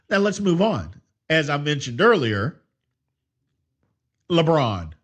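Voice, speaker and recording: An opinionated man talks through a solo sports podcast episode. His voice sits high for a man and swings widely in pitch as he argues his points. He restarts his sentences often. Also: measured pace. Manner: opinionated, animated, with many restarts and "I mean". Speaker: podcast host.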